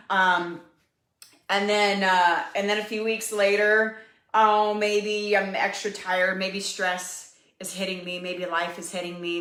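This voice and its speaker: A woman's voice: lowish voice, pushed and bright. A woman giving an upbeat, encouraging live fitness coaching talk, speaking straight to her viewers. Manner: upbeat, encouraging, talks to viewers as "you guys". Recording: echoey room.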